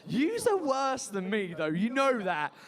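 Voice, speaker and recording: Male comedy compere, high and very animated, shouts at the crowd, crude jokes. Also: measured pace. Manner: loud, crude banter with crowd. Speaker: comedy night host. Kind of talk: stand-up compering. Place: student bar venue.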